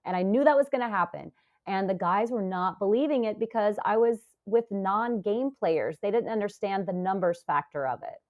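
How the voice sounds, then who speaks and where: Animated woman telling game stories. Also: mid-range voice, normal speed, dull audio. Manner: animated storytelling, acts out quoted voices. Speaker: podcast guest. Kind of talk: casual interview talk.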